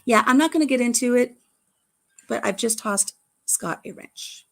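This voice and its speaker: A woman's voice: fairly high pitch, moderate pace, gravelly. Woman, middle-aged, livestream host, chatty storyteller, casual talk. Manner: chatty storyteller reading live chat. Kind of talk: casual chat.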